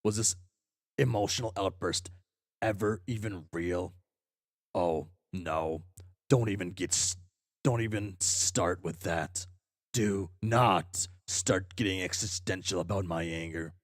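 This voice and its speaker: A man reading aloud as a furious, foul-mouthed young male troll, ranting and swearing at himself in shouted tirades. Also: sits low, slow, no echo, studio quality.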